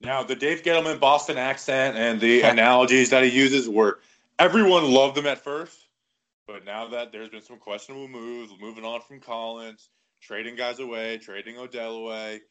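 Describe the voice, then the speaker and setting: A man co-hosting a casual sports podcast, talking in lively, quick bursts. His voice sits at a middle pitch. He keeps cutting in with "like" as he builds his argument. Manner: animated, talks in quick bursts with lots of "like". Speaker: podcast co-host.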